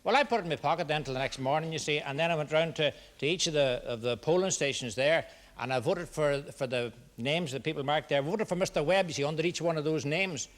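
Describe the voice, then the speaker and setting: An actor playing a folksy, rambling Irish man giving evidence in a courtroom drama, talking in halting, run-on stretches. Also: fairly high pitch, lightly acted. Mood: chatty. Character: rambling Irish male witness, petty fraudster. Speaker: witness.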